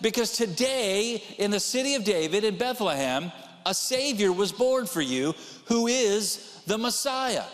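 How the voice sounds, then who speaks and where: A man's voice: sits high, lively intonation, measured pace, big-room sound. A man preaching a sermon as pastor, talking in a conversational way and repeating key phrases for emphasis.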